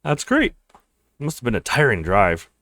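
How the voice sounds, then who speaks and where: A man's voice: medium pitch, wildly swooping pitch, moderate pace, sharp tone, dry recording, clean studio sound, heavily acted. A man voicing a friendly young female law student in a visual novel, speaking in a polite, curious way.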